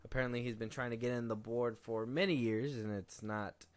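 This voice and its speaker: A young man co-hosting a film podcast, casually running through film news in a relaxed, rambling way. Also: mid-range voice, fairly quick. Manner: relaxed, rambling, trails off and restarts. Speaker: podcast co-host.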